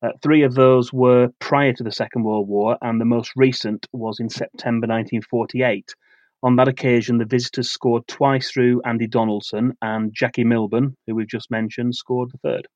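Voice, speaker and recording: A man co-hosting a football podcast, reading out a prepared match preview in a steady, measured way. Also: mid-range voice, no room sound, highs cut off. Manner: steady, measured delivery of facts and dates.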